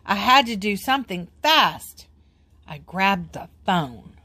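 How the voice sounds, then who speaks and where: Woman, storybook read-aloud, expressive, lively pitch, slow pace. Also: no room sound. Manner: expressive, sing-song. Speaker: storybook reader. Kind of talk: children's book read-aloud.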